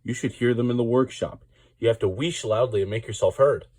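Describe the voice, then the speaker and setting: A man's voice: medium pitch, a little fast, a little mellow, no room sound, clean studio sound, pitched above the performer's own voice, close to an everyday voice. A man voicing an eager, modest little engine who answers politely in a storybook reading.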